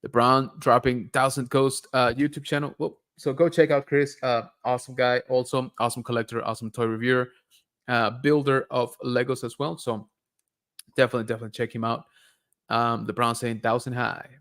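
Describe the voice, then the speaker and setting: Casual stream host, male, easygoing, reads chat and riffs on it, mid-range voice. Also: mid-range voice. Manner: relaxed and chatty, reads comments aloud and reacts with laughs. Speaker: livestream host reading viewer chat.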